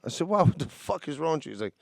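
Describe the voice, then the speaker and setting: A man co-hosting a casual podcast, telling an animated, profane story with quoted voices. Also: on the high side, rapid-fire, creaky, slight background noise. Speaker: podcast co-host. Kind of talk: casual chat.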